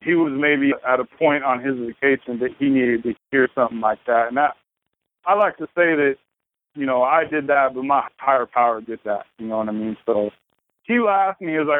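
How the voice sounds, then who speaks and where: A man in his thirties, appearing as a podcast guest, tells his story in casual conversation, loose, profane and rambling. His mid-range voice moves fairly quickly over a tinny, phone-like line with no room sound.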